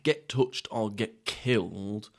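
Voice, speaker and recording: A man's voice: on the low side, slow. Rambling, crude young man eating on mic. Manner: rambling, jokey, crude, deadpan. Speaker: podcast host. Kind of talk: casual solo mukbang chat.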